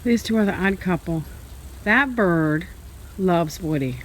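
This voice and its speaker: A woman's voice: lowish voice, expressive, unhurried, a little hiss or hum. A woman filming her pets on a homestead, talking to them in a doting, laughing way. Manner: doting, laughing, sing-song praise. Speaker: homestead vlogger. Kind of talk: casual talk to pets while filming.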